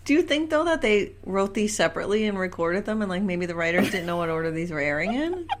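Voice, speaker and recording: A woman in her forties co-hosting a casual podcast, chatty and quick to giggle. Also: mid-range voice, sing-song. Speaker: podcast co-host. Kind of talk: casual rewatch podcast chat.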